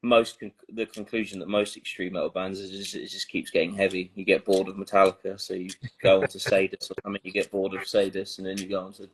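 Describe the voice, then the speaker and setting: A man's voice: deep voice, flat delivery, quick pace, hardly any pauses, slightly rough. A man musician chatting as a podcast guest, rambling and self-mocking. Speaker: band member guest. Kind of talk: casual chat.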